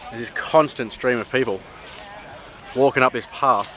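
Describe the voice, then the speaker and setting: An Australian man talks to the camera on a travel vlog, loose and slangy. His voice is bright and clear at a mid pitch, recorded outdoors by a river. A faint wash of city and traffic noise sits behind him. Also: normal speed. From Sydney, Australia. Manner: chatty and upbeat, with slangy asides. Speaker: travel vlogger. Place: outdoors by a river on a hot day.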